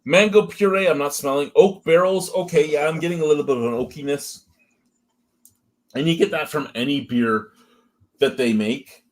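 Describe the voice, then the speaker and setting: Speaking at a moderate pace in a voice on the high side, this man hosts a laid-back beer review. His running commentary on aromas and flavors is chatty, profane, and full of jokes.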